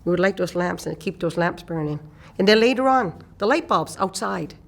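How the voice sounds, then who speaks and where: An elder, an older woman from eastern Canada, tells a personal story without hurrying, repeating phrases for emphasis. Her voice is lowish, expressive, and gravelly.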